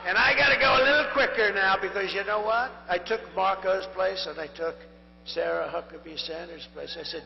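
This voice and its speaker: A man's voice: sits high, a little fast, vocal fry. A man in his seventies giving a rambling, repetitive campaign rally speech, his voice strained and tiring. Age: 70s. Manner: rambling, repetitive, boastful asides. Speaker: political candidate. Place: large rally venue. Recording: dull echoing hall feed with hum.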